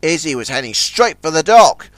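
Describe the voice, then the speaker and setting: A man's voice: on the high side, sing-song, moderate pace, fairly bright tone, dry recording. A man reading a children's story aloud as narrator, switching between character voices.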